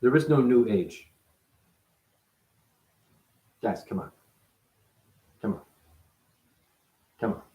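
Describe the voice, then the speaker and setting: A man giving a rambling, profane spiritual monologue as a self-styled teacher, his voice jumping up and down in pitch. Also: expressive, takes it slowly, mellow. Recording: echoey room.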